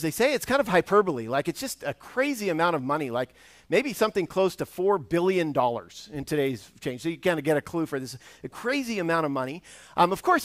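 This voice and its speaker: A man delivers a sermon in a loose, conversational way, stumbling over restarts and slipping into voices for the people in a story. His voice sits a little higher than most men's, and the sound is dry and close, with no room echo. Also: a bit bright. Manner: conversational preaching, acts out parable voices, many restarts. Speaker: guest preacher. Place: church sanctuary.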